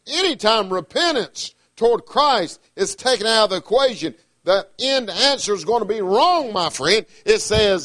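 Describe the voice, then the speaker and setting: A middle-aged man, preaching a sermon with emphatic, swinging delivery, loud declarations dropping to quiet asides. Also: sits high, animated, normal speed, few pauses, dry recording.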